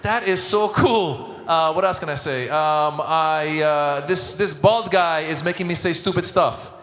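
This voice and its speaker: A middle-aged Iranian stand-up comedian with a fairly high, slightly slow, somewhat bright voice performs for a live audience in a large event hall. He jokes with the crowd and acts out voices, and the recording is echoey with crowd sound and a little hiss or hum.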